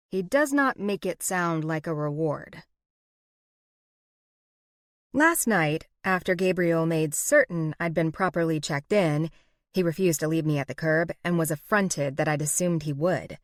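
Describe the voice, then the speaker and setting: A woman reads a first-person romance audiobook, expressive and wry. Her voice sits on the low side and the sound is dry and close, with no room around it. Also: unhurried, no room sound. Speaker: audiobook narrator.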